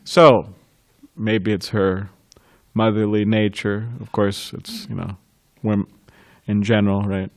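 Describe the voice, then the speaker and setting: A man giving a devotional class, recounting a memory with frequent chuckles and halting restarts. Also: lowish voice, level tone, dry recording, studio quality. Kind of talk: reminiscing in a scripture class.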